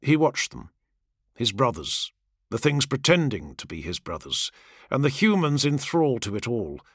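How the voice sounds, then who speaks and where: A man narrating fiction as an audiobook in a measured, dramatic reading. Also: mid-range voice, big pitch swings, fairly bright tone, husky, dry recording, studio quality.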